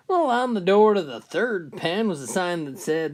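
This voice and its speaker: A man telling a countdown of jokes with animated storytelling. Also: sits high, normal speed, few pauses. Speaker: joke teller.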